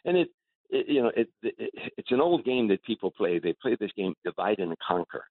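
Older guy on the phone, husky and fast, lots of restarts telling a story. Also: lowish voice, no echo. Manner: animated storyteller with repeated restarts. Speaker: guest comedian. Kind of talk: casual radio interview storytelling. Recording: tinny phone line.

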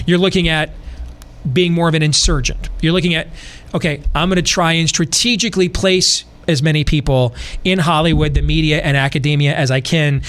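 High-voiced man talking animatedly on a podcast. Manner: animated, sports and war analogies, repeats phrases. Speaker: podcast host. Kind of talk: casual podcast talk.

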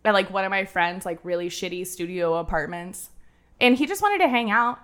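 A woman in her thirties from Ohio tells a story as a guest, animated and quick to laugh. Her voice is bright and crisp, sitting at an ordinary middle pitch. She talks casually and throws in the odd curse. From Ohio, USA.

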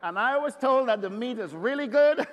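A man from Trinidad and Tobago, preaching a sermon with dramatic pauses and stretched words and joking with the congregation. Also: very high voice, animated, big-room sound, muffled recording.

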